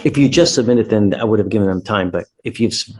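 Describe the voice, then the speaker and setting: A man's voice: on the low side, fast talker, darkish tone. A man presiding as a judge over a courtroom docket, talking casually and informally from the bench.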